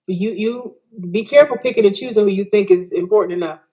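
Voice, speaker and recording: A woman's voice: mid-range voice, quick pace, dark tone. A woman guest in a casual interview, giving emphatic, preachy advice. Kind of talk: casual chat.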